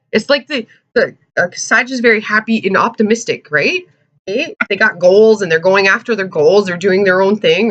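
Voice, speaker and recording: A woman's voice: mid-range voice, a bit bright, muffled recording. A woman giving a casual tarot reading to camera, chatty, with many "uh"s, and checking in with "okay?" and "all right?". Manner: searches for words with frequent "uh" and "um". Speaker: tarot reader.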